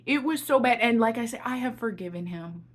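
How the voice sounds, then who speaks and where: Her voice a little high and a little fast, with lively intonation, a young Christian encouragement vlogger gives viewers heartfelt testimony and encouragement. She frequently repeats phrases and addresses everyone as y'all.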